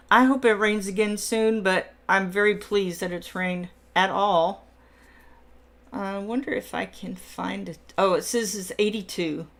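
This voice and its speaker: A woman's voice: medium pitch, fairly bright tone. Woman, middle-aged, livestream host, leisurely pace, chatty with viewers. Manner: chatty, reads and answers viewer comments while coloring. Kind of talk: casual coloring livestream chat.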